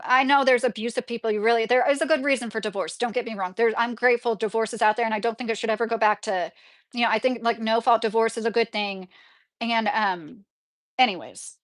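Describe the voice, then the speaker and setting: A woman with a slightly high voice hosts a casual live chat. She talks back to her viewers' comments in a loose, chatty way and laughs often. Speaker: livestream host reading viewer comments.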